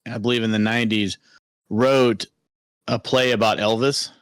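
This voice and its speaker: A man's voice: medium pitch, fairly even intonation, moderate pace, a bit bright, smooth, no room sound. A man co-hosting a casual film review podcast, talking in an easygoing, hedging way with frequent chuckles. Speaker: podcast co-host.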